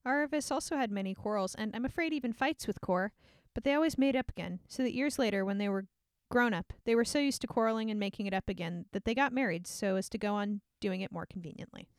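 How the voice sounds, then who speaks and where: A woman's voice: medium pitch, fast talker, hardly any pauses, smooth, no echo, clean studio sound. A woman chatting casually about a book with a friend, laughing often and reading passages aloud.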